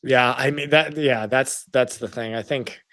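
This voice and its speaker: A man co-hosting a sports podcast, chatting casually with animated, jokey asides. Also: medium pitch, measured pace, no echo, clean studio sound. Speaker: podcast co-host.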